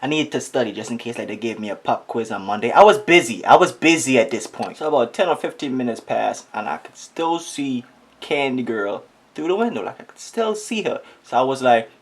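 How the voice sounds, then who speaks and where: A man's voice: medium pitch, brisk, breathy edge. A young man with a Trinidadian accent tells a funny story. He jokes and exaggerates with lots of energy in an ordinary mid-range voice. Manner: animated, exaggerated, joking. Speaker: comedic vlogger. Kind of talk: comedic storytime.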